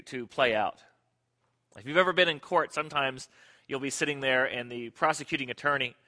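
A middle-aged pastor preaching a sermon, an animated storyteller who acts out the quotes in his stories. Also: fairly high pitch.

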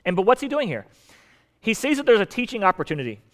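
Man, sermon, fairly high voice, chatty teaching, humorous asides, emphatic stresses. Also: fast talker. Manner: animated, shifts loudness for emphasis. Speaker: pastor.

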